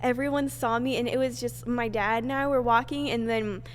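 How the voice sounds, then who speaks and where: A woman's voice: on the high side, steady tone, normal speed, slight background noise. A woman co-hosting a podcast, chatting casually with a bubbly, giggly way of telling stories. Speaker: podcast co-host. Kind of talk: casual chat. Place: wedding venue.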